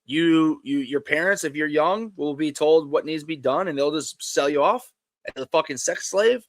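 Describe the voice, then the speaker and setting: A man's voice: fairly high pitch, moderate pace, no echo, studio quality. A man co-hosting a live sports talk show, speaking emphatically in casual chat and calling others dude and bro.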